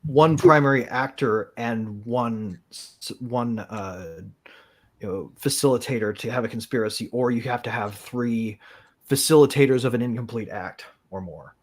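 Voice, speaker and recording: Average-pitched guy on a podcast, kinda nitpicky, careful with the details. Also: moderate pace. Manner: precise, picks at the details. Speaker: podcast panelist. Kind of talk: casual panel discussion.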